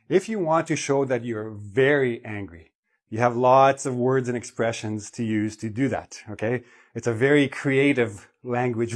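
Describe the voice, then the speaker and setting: A man teaching an English vocabulary lesson, explaining clearly and often checking in with "okay?" and "right?". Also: medium pitch.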